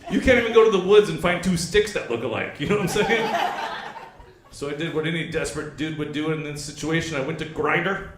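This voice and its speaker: Guy doing stand-up at a brewery, high lively voice, crude stories, echoey room. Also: fast talker, heavy background noise. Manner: crude, animated storytelling with acted-out dialogue. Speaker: stand-up comedian. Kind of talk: stand-up comedy set. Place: brewery comedy stage with a live audience.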